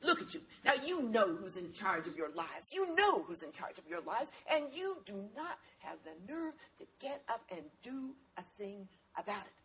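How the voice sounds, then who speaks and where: A man's voice: high voice, big pitch swings, moderate pace, hardly any pauses, a bit bright, a little hiss or hum. A man doing a comic impression of a fiery old populist orator who scolds and rouses a crowd. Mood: scolding. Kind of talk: comic impression at a public talk.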